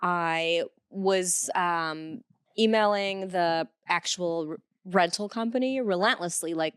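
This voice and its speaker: A woman's voice: on the low side, slow, clean tone, no room sound, clean studio sound. A woman in her thirties from Cleveland, hosting a podcast and telling stories candidly with frequent swearing. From Cleveland, USA. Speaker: podcast host. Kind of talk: casual chat.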